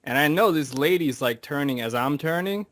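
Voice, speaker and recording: A man on a podcast telling stories in a casual, animated way, acting out quotes and swearing freely. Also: a little high, normal speed, no echo. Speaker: podcast co-host. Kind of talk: casual chat.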